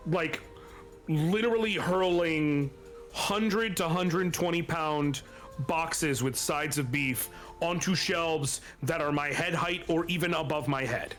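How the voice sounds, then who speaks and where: Emphatic higher-voiced man in his thirties. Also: takes it slowly, fairly bright tone, faint music behind. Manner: emphatic, swearing anecdotes addressed to the audience. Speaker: stream co-host. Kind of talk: casual stream chat.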